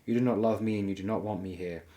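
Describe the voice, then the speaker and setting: A man's voice: lowish voice, fairly even intonation, fast, dark tone, lightly acted. A man voicing a wry, sardonic dwarf lord in a dry, courtly manner.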